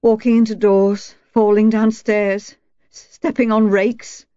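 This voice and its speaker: A woman voicing a nervous, bitter young wife who speaks in a hoarse, soft voice and breaks out shrilly at times. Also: medium pitch, lively intonation, moderate pace, dry recording, dull audio, natural voice. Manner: quavering, bursts out shrilly. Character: anxious battered wife, woman, bitter and self-mocking.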